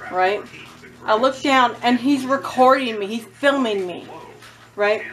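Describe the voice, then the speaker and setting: A woman filming herself at home, telling a story-time vlog in a chatty, animated, blunt way. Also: on the high side, unhurried. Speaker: vlogger. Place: at home with her cats. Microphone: own phone or camera, self-filmed.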